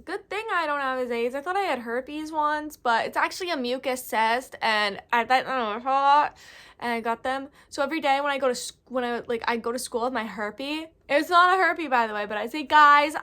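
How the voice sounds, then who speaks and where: A woman's voice: high voice, fairly quick, a bit bright. A young woman vlogger casually telling a story to camera, rambling and goofy, full of slang and filler words.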